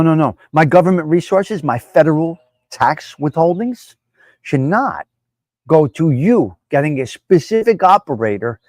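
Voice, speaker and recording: A man's voice: on the high side, darkish tone, no echo. Blunt New Jersey man ranting. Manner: blunt, ranting, repeats himself for emphasis. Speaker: live stream host. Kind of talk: casual opinionated live stream talk.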